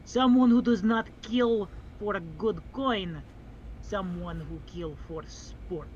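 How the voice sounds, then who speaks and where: A player doing a slow, solemn bear warrior. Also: mid-range voice, dull audio, a little hiss or hum, close to an everyday voice. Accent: put-on foreign broken English. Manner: slow, solemn, dropping articles. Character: big clumsy bear warrior, earnest protector.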